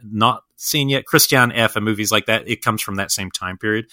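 A man with a lowish voice co-hosts a podcast, chatting casually about films at a moderate pace. His delivery is pushed and bright, with no room sound, and he rambles enthusiastically, full of fillers and restarts.

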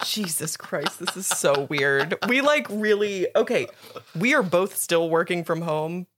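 A woman co-hosting a podcast in casual chat, bubbly and quick to laugh and squeal with excitement. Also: on the low side. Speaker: podcast co-host.

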